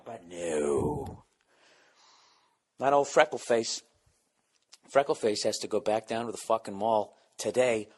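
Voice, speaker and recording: A middle-aged man hosting a podcast, with a Boston accent, ranting in a profane, sarcastic, comedic monologue. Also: fairly low pitch. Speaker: podcast host.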